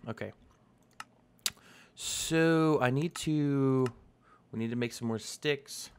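A man's voice: mid-range voice, takes it slowly, smooth. Young male let's-play host, loose and playful, mid-range voice, chats at the animals on screen. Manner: chatty, talks to in-game animals, playful. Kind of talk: casual gameplay commentary.

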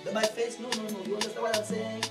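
A woman's voice: a little high, flat delivery, quick pace, close to an everyday voice. A woman playing a showy club owner who speaks broken English and keeps tagging 'eh?' onto her sentences. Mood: insistent. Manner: broken English, repeats 'eh?' and 'you understand'. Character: boastful, showy club owner who makes shady deals. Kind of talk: film drama acting. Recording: echoey room, far mic, loud music.

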